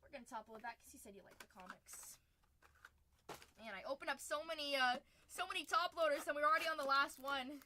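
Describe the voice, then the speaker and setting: A woman's voice: high voice, brisk, bright, forceful tone, a little hiss or hum. A woman hosting a live trading card break stream, chatting in an upbeat way and calling out each card as she pulls it. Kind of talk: casual live-stream chat.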